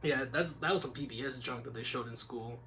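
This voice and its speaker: A man's voice: medium pitch, brisk, pushed and bright, a little hiss or hum. A young man hosting a casual podcast, rambling laid-back with lots of "like" and "man.". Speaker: podcast host. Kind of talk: casual chat.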